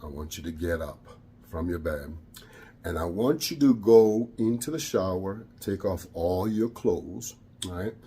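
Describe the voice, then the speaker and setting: A dark spirit whispers its orders low and slow, a husky, mellow voice that sinks well beneath the storyteller's own, as a man puts it on. It stays hushed and coldly commanding and never rises. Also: lively intonation, exaggerated voice. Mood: menacing.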